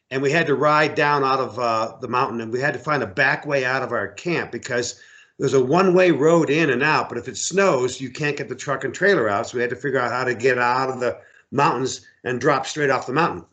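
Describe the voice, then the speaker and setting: In a lo-fi recording, a middle-aged American hunting guide and outfitter with a mid-range voice shares stories during a relaxed interview. He gets animated, repeating words while voicing characters.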